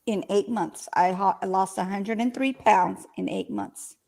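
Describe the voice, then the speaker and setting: A woman's voice: medium pitch, unhurried, gravelly, a little mellow. A woman chatting casually on a live video call panel, rambling and correcting herself as she talks. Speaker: panelist on a live online talk show. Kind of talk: casual live-stream chat.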